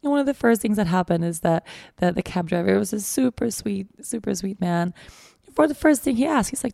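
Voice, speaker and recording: Gravelly-voiced woman telling a personal story. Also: medium pitch, expressive, brisk, warm tone, no room sound, studio quality. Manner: candid, rambling, many fillers. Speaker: podcast host.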